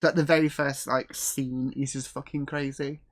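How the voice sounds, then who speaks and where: A man hosting a casual chat about a comedy series, relaxed and swearing freely. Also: mid-range voice, moderate pace. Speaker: host.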